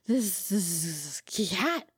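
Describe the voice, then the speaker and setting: A woman imitating a very drunk, belligerent female tenant, with slurred, drawn-out words. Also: animated, husky, dry recording, clean studio sound, heavily acted. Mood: whiny. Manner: slow and high, swooping.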